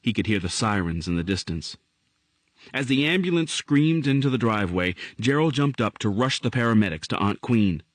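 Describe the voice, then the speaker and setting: A man reading a novel aloud as audiobook narrator, in an expressive storytelling manner. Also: lowish voice, moderate pace, dry recording. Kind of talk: scripted narration.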